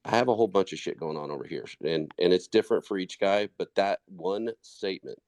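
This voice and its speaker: A man's voice: sits low, a little fast, darkish tone, dry recording. A man co-hosting a casual podcast chat, blunt and swearing freely. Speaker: podcast co-host.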